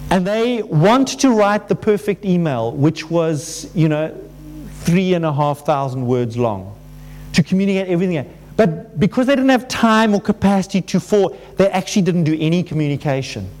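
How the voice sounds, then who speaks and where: A male pastor preaching a conversational sermon, animated and full of restarts, acting out the voices people use with themselves. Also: high voice. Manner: animated, acts out quoted inner voices. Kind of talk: sermon to a congregation.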